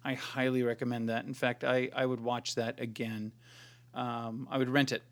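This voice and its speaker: A podcast co-host chats casually about movies, rambling, sarcastic, and swearing plenty. His mid-range voice stays level at a moderate pace.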